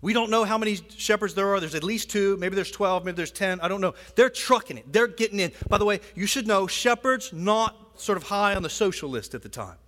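This pastor's voice sits high, animated and fairly quick, with few pauses and a slightly bright edge. He talks to his congregation in a conversational style, full of asides and "right?" checks, and the church sanctuary gives a long hall reverb.

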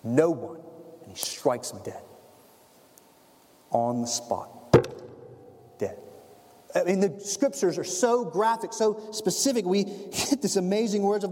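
A man preaching a sermon as a pastor, telling the story in an animated way and acting out the scenes. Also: high voice, unhurried, pauses often. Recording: long hall reverb.

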